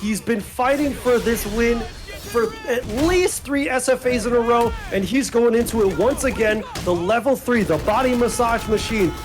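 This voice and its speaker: High-voiced joking esports commentator, man. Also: moderate pace. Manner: joking, switches between hype and low asides. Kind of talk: casual play-by-play commentary. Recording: music playing underneath.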